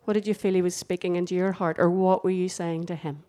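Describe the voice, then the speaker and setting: Mellow-voiced woman leading group prayer. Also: on the low side, flat delivery, fast. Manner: gentle, prompting, affirming. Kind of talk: guiding a group reflection.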